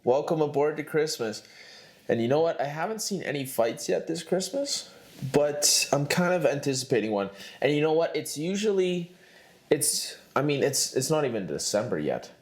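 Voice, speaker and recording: Rambling man, swinging pitch, laughing. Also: very animated, normal speed. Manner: rambling, joking, laughs at himself. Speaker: podcast host. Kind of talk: rambling comedic monologue.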